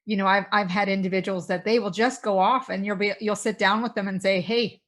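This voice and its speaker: A woman's voice: mid-range voice, steady tone, a little fast. A woman hosting a podcast interview, asking reflective questions and affirming her guest's points. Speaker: podcast host. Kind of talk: interview conversation.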